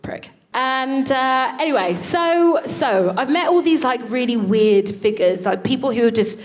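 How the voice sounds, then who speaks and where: A woman co-hosting a show, telling comic stories on stage in an animated way, swearing and laughing often. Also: sits high, unhurried. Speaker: co-host. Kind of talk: comic storytelling before a live audience. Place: live stage.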